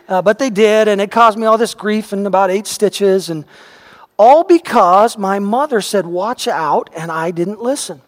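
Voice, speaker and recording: High-voiced pastor in an echoing hall. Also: male voice, a little slow. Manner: animated storyteller, voice rising and shouting at dramatic moments. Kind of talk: sermon with personal storytelling. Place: church sanctuary. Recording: long reverb of a large hall.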